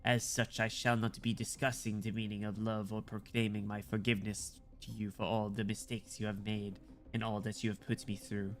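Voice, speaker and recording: A man's voice: on the low side, level tone, moderate pace, voice pushed down, natural voice. A man voicing a ragged, condemned man who gives a grand, solemn speech of prophecy. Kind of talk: dramatic reading of game dialogue.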